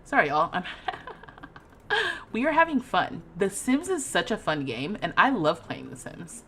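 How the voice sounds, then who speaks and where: Lively, bright-voiced woman streamer. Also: medium pitch, a little slow. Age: 30s. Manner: exasperated, dramatic rants with loud outbursts and laughter. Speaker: game streamer. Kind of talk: livestream gameplay commentary.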